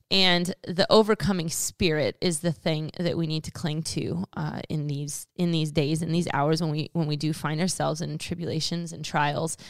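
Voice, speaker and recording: A woman's voice: sits low, dry recording, studio quality. A woman in her thirties co-hosting a faith podcast, talking earnestly in a rambling way with fillers and frequent laughter. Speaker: co-host.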